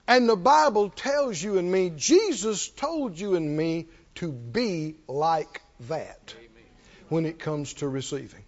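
Male pastor preaching, real high voice that swoops around, slow deliberate delivery, kinda dull lo-fi sound. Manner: animated preaching, repetitive, calls for congregation responses. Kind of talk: sermon. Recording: dull lo-fi recording.

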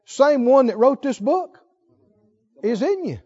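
Preacher, male, high voice, storytelling sermon delivery with hushed and emphatic turns, dull lo-fi recording. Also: big pitch swings, takes it slowly, slightly rough, big-room sound. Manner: storytelling, swings between soft low asides and loud emphatic lines.

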